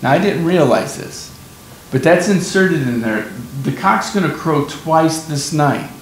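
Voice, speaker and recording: Slow, emphatic preacher in echoey room. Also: male voice, animated. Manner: emphatic, explains and repeats key points. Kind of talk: sermon teaching on scripture. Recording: very echoey room, faint rumble.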